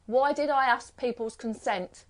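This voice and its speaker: A woman's voice: a little high, measured pace. A middle-aged British woman hosting a live stream, chatting casually and rambling through strings of rhetorical questions. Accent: British English. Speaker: live-stream host and card reader. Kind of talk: casual chat.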